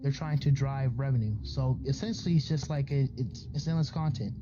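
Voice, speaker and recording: A man's voice: medium pitch, brisk. Man, casual rambling streamer talk, lots of fillers, slightly muffled audio, music in background. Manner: rambling, conversational, many fillers and restarts. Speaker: VTuber content creator.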